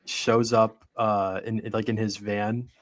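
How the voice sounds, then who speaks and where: Low-voiced guy on a movie podcast, thinking out loud, lots of likes and ums. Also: little pitch movement, measured pace. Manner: thoughtful, hedging with many fillers. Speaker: podcast host. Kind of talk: casual movie podcast chat.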